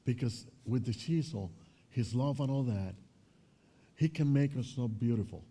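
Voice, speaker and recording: Dark-voiced man teaching children. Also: mid-range voice, lively intonation, a little slow, slightly rough. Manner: asks the children questions, mixes in Spanish. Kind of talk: children's church lesson.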